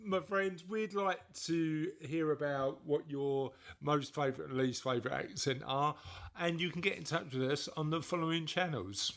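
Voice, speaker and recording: A man's voice: on the high side, normal speed, hardly any pauses, a bit bright. A man co-hosting a podcast in casual chat, joking and teasing his co-host. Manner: jokey, teasing banter.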